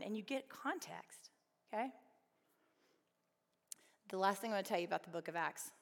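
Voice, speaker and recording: Chatty woman teaching Bible study. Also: medium pitch. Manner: chatty, asks the group questions. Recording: long reverb of a hall.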